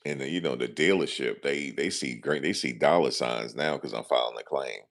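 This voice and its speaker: Deep gravelly man telling a slangy story. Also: normal speed. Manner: animated, slangy, lots of "you know what I'm saying". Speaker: vlogger. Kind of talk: casual vlog storytelling.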